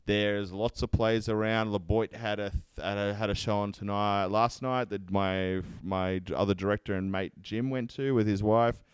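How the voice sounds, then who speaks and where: A man who performs improv comedy, chatting casually on a podcast, animated and swearing freely. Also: on the low side, normal speed, few pauses, smooth, no room sound. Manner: animated, swears freely, acts out quoted voices.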